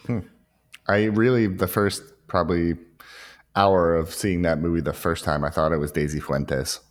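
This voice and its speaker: A man's voice: low voice, fairly even intonation, normal speed. A man co-hosting a casual movie podcast, making wry, profane jokes. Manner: wry, profane, joking asides. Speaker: podcast co-host.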